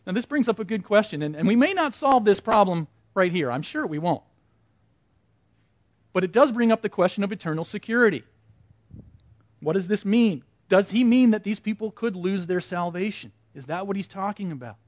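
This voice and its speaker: A man leads a Bible class in a relaxed, conversational way, asking the group questions and echoing back what they answer. His voice sits fairly high. The recording is dull and muffled, with a dry, close sound. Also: moderate pace. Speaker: Bible study teacher. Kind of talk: interactive Bible class teaching.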